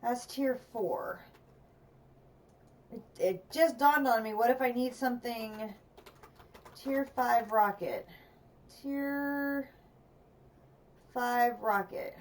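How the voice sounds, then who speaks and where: A woman's voice: a little high, very slow, pauses often, a little mellow, far from the mic. A woman streamer commenting on a game as she plays, thinking aloud and chatting to herself. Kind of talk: gameplay livestream commentary.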